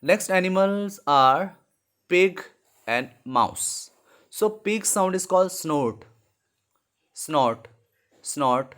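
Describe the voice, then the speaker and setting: A lively male teacher with a high voice and Indian English accent gives an online lesson to young children. He explains slowly and repetitively, mixes in Hindi, and apologises and corrects himself mid-lesson.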